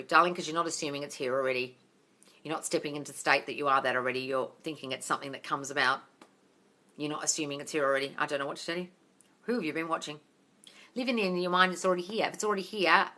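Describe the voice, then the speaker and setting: Blunt, bright-voiced woman coaching on a livestream. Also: a bass voice, fairly even intonation, fast talker. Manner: blunt and profane, calls viewers darling. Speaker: manifesting coach answering viewer questions. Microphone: phone.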